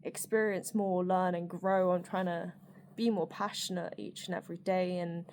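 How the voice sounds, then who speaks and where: A woman's voice: on the low side, fairly even intonation, normal speed, darkish tone, slight background noise. Candid, rambling woman vlogger. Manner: rambling and candid, with frequent fillers, swearing and laughter. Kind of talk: personal reflective monologue.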